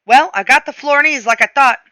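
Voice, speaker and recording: A woman's voice: high voice, brisk, dry recording, pitched above the performer's own voice. A woman voicing a stubborn old male bookseller with a heavy accent who grumbles and haggles. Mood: grumbling. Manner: heavily accented, grumbling, shouting at times.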